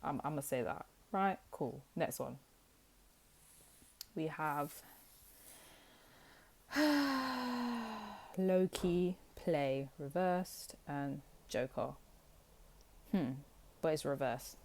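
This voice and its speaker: A woman's voice: deep voice, expressive, extremely slow, pauses often, darkish tone. A young woman giving a casual tarot reading to camera, blunt and teasing, with lots of filler words. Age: young adult. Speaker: tarot reader.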